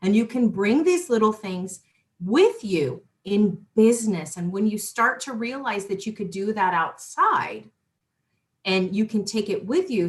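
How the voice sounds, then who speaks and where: A woman in casual spiritual chat, animated and repeating herself as she talks. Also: medium pitch. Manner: animated, repeats words, quick asides; former police worker talking spiritual tools.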